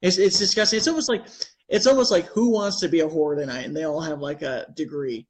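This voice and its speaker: A man's voice: on the high side, fast talker, a little mellow. Heated, rambling male host. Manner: rambling, heated, opinionated, with laughs between phrases. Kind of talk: casual talk-show chat.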